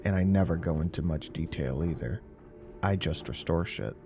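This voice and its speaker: Deep gravelly man narrating horror. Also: normal speed. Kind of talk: scripted horror story narration. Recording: narration over faint music.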